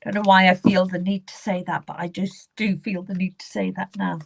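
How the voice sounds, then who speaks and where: A woman's voice: medium pitch, level tone, brisk, creaky. A woman giving live psychic readings, speaking earnestly and repeating herself as she addresses viewers by name. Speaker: psychic medium.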